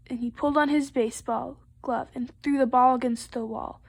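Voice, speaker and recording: A woman reading a picture book aloud to children, expressive and playful with the sound words. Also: high voice, fairly quick, gravelly, hardly any pauses. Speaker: storytime reader.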